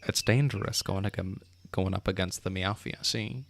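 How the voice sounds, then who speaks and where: Man voicing a cat gangster, menacing wiseguy talk, low and quiet, video call. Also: fairly even intonation, moderate pace, vocal fry, slight background noise. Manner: gangster drawl ending lines with "see?". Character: street-smart male cat mobster, menacing and cocky.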